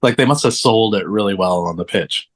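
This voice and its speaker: A man's voice: fairly low pitch, brisk. A laid-back man chatting casually about movies as a podcast guest. He talks loosely, leans on fillers and laughs often. The sound is close and dry, with no room echo. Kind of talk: casual film chat.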